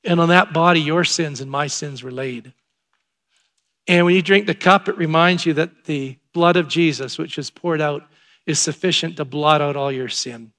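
Excitable pastor, slightly high voice. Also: male voice, moderate pace. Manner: conversational storytelling, rising to excited emphasis. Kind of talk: sermon.

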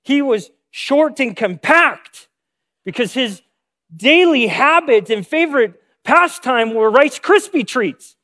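Guy preaching, high pitched, swings up and down a lot telling a story. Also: expressive, takes it slowly, pushed and bright. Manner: storytelling with acted-out quotes. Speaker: pastor. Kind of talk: sermon.

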